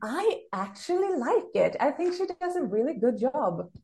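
A woman's voice: sits high, sing-song, moderate pace, mellow. A woman co-hosting a podcast, talking about a TV show in a friendly, giggly and thoughtful way. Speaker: podcast co-host. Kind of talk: casual chat about a TV show.

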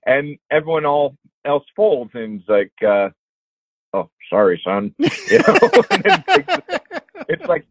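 A man co-hosting a casual chat, lively and laughing as he muses aloud. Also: fairly high pitch, slow pace, no room sound. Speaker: podcast co-host. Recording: tinny phone-like line.

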